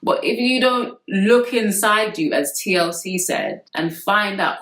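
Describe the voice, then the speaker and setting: A woman's voice: mid-range voice, animated, slow, fairly bright tone. A woman vlogger giving direct, sisterly relationship advice to her viewers, emphatic and candid. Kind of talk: candid talking-to-camera advice. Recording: echoey room.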